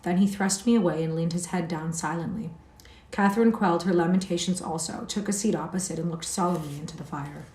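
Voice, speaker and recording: Woman reader, low mellow voice, livestream novel reading, echoey room. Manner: steady, occasional slips and restarts. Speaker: audiobook reader.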